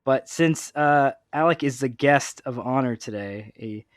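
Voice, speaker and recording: A man hosting a gaming podcast, telling a story in a casual, animated way, laughing often and acting out voices. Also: mid-range voice, unhurried, dry recording, clean studio sound. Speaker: podcast host.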